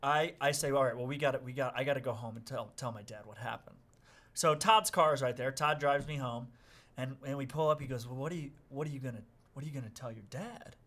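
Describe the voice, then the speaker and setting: A middle-aged man tells a long story to friends, jumping between quiet asides and loud acted-out shouts when he quotes people. His voice sounds bright and clear, and the whole telling stays loose and conversational. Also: mid-range voice, fast talker. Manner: animated, acts out quotes with loud outbursts. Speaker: podcast guest. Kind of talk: casual storytelling.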